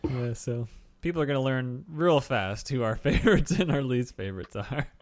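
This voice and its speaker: A man's voice: medium pitch, expressive, normal speed, no room sound, clean studio sound. A man co-hosting a casual film-review podcast, rambling with fillers and laughing often. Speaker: podcast co-host.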